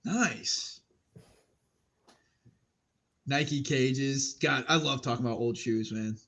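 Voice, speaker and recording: A man's voice: mid-range voice, slow, a bit bright. A man co-hosting a casual sports watch-party podcast, joking around and telling stories with frequent laughs. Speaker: podcast co-host.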